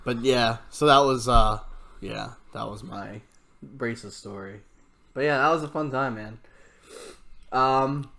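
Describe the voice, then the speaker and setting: A man's voice: medium pitch, slow pace, gravelly, pauses often, sharp tone. A man co-hosting a casual podcast, who swears freely and laughs often while telling stories. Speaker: podcast co-host.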